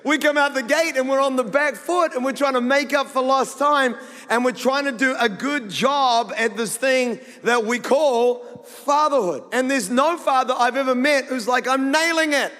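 A New Zealand man preaching from the stage, his voice sitting high for a man. He talks in a loose, joking, story-driven way. The sound rings with the long tail of a big hall. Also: moderate pace, pushed and bright. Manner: conversational, humorous storytelling. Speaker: pastor. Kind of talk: sermon.

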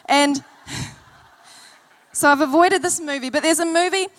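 A woman's voice: high voice, takes it slowly, a bit bright. A woman preacher delivering an earnest sermon to a church congregation, telling stories and repeating key phrases. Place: church service.

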